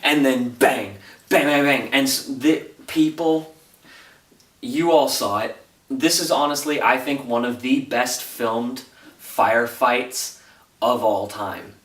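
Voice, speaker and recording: A man casually recapping a TV episode as a reviewer, retelling it in an animated, breathless way. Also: medium pitch, takes it slowly, recorded from a distance. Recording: roomy echo, voice off-mic.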